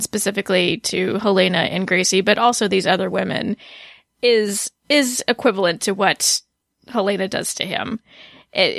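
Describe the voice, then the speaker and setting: A woman's voice: mid-range voice, creaky, a bit bright, no room sound, clean studio sound. A woman co-hosting a podcast, talking thoughtfully and a little hesitantly about a TV episode. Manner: thoughtful, self-deprecating, slightly hesitant. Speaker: podcast co-host. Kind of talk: casual TV recap chat.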